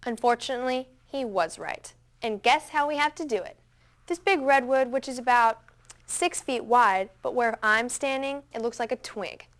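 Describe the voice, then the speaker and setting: A woman's voice: sits high, a bit bright. A woman performing a scripted first-person monologue in a chatty, dramatic way, full of casual fillers. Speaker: storyteller.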